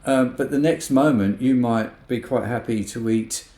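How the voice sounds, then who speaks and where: Gentle-voiced man in an echoey room. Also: mid-range voice, a little slow. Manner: gentle, acts out quoted remarks in other voices. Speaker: podcast co-host. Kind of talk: casual reflective chat.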